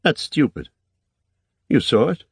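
A man voicing a frightened but fierce young woman who speaks softly in a thin, raised voice, in audiobook narration. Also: big pitch swings, takes it slowly, creaky, husky, no room sound, studio quality, heavily acted. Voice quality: thin, higher voice. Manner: soft, under the breath.

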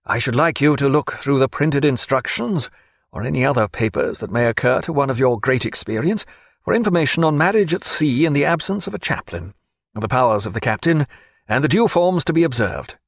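A man's voice: medium pitch, expressive, a little fast, dry recording, studio quality. A man voicing a reserved, weary naval captain who speaks formally and courteously, in an audiobook reading.

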